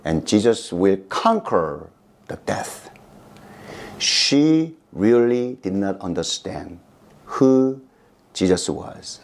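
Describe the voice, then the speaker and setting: A middle-aged male pastor with a Korean accent, preaching a sermon in a slow, emphatic way. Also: lively intonation, creaky. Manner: slow, emphatic delivery with big pitch swings.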